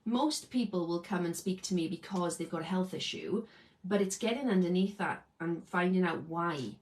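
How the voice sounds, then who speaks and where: Chatty woman, lowish voice. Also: moderate pace, low-quality recording. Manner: chatty, explains with lots of "okay?" tags. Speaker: healing practitioner and coach. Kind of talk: casual talk to camera.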